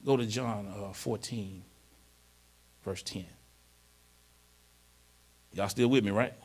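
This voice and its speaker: Informal preacher checking in with congregation. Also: male voice, on the low side, fairly even intonation, takes it slowly, slightly rough. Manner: rises to emphatic, louder delivery when reading scripture. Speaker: pastor. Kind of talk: conversational sermon. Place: church.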